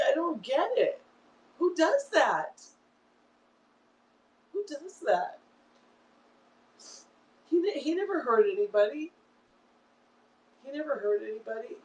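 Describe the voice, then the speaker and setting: A woman's voice: mid-range voice, darkish tone, roomy sound, far from the mic, a little hiss or hum, poor audio. A woman in her fifties hosting a livestream, ranting angrily and repeating herself, swearing often. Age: 50s. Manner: angry, repetitive, swearing. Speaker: online show host. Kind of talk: emotional livestream rant.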